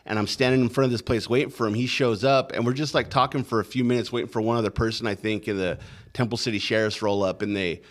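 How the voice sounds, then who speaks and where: A male podcast guest tells his story in a casual, rambling way, cursing heavily and leaning on "like" and "right?" His medium-pitched voice is steady in tone and quick-paced.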